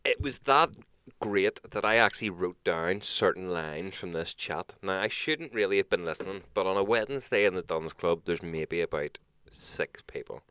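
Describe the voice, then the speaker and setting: Brief: young podcast co-host, low voice, animated swearing storyteller, smooth and dry. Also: male voice, moderate pace, hardly any pauses, no room sound. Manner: animated storyteller, swears freely, acts out others' lines. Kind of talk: casual storytelling chat.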